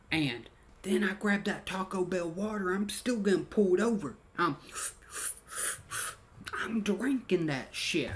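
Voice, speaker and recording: A young man telling a story casually in a rambling, profane way, with slangy dialect grammar and constant "you know" fillers. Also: sits high. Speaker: vlogger.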